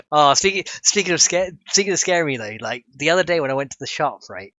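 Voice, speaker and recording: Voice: mid-range voice, sharp tone, no room sound. A streamer, chatting casually while coding a game mod, giggly and rambling and swearing freely.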